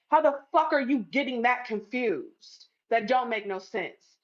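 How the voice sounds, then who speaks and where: A woman's voice: high-pitched, expressive, moderate pace. A woman telling a story to camera in a blunt, profane, emphatic way. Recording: dull lo-fi sound.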